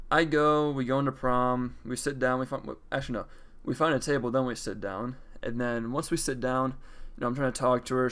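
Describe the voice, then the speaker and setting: A man's voice: mid-range voice, a bit bright, clean tone. Casual young man telling a story. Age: young adult. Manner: casual, profane, chatty retelling; acts out quoted lines in varied voices.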